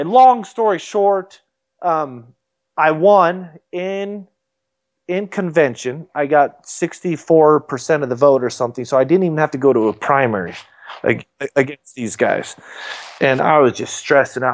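A man in his thirties tells a long, casual story about himself in an interview, with an average-pitched voice. He rambles, often restarting his sentences and poking fun at himself. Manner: rambling, self-deprecating, many restarts. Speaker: state legislator guest.

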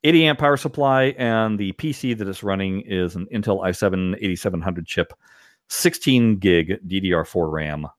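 A man with a fairly low voice, talking in a casual, animated way as a podcast host. He laughs often and gets worked up as he tells his stories. The sound is close and dry, with no room echo. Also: moderate pace. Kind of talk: casual chat.

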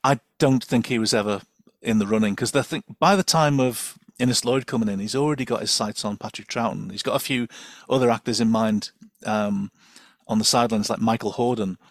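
A man's voice: on the low side, a little fast, dry recording. A man speaking as a guest expert in a casual podcast chat, chatty and enthusiastic, with lots of fillers and laughter.

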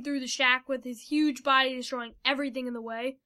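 A woman's voice: high-pitched, fairly even intonation, a little fast, sharp tone. A woman reading a fantasy story aloud as narrator.

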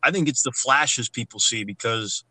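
A man's voice: medium pitch, normal speed, bright, forceful tone, slightly rough, no room sound, rough recording. A man co-hosting a casual sports podcast, ranting bluntly about college basketball and swearing freely. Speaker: podcast co-host.

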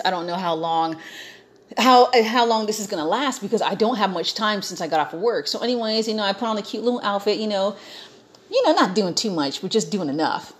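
Chatty woman telling a dating story. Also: mid-range voice. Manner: animated, chatty, quoting herself and others. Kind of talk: casual storytime.

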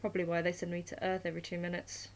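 A woman reads the part of a mischievous male trickster god from a storybook tale, teasing and grand, a bit louder than the surrounding narration and full of easy, playful confidence. Her voice is fairly low, the delivery racing and completely flat, only lightly acted.

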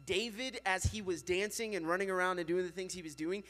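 A young man with a high voice preaches to a youth group in a loose, chatty way. He fills his sentences with casual filler words and keeps the energy animated. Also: fairly quick. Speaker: youth pastor.

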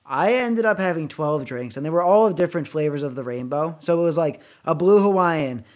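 A man's voice: a little high, a little fast. A man co-hosting a podcast, telling a long, rambling, profanity-laced story in casual chat. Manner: animated, swearing, rambling anecdotes. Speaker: podcast co-host.

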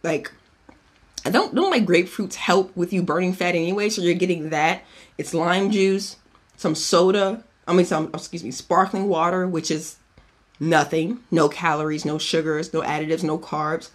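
A man's voice: on the high side, normal speed. A man hosting a podcast in a casual chat, giving a cocktail recipe in a chatty, profane way and drifting off on tangents. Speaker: podcast host.

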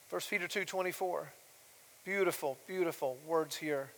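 A man preaching a sermon as pastor, swinging from loud emphatic declarations to soft quiet asides and asking rhetorical questions. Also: sits high, steady tone, fairly quick. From United States. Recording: long reverb of a large hall.

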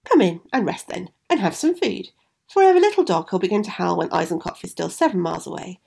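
A woman's voice: lowish voice, expressive, fast, gravelly, darkish tone, husky, full character voice. A woman voicing a kindly old woman in a fairy tale, giving shelter and advice. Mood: welcoming.

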